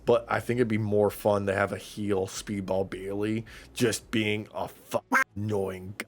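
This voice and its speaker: Man, podcast co-host, casual chat, excitable, swears a lot, acts out quotes. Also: fairly low pitch, measured pace. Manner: excitable, profane, recaps matches with acted-out quotes.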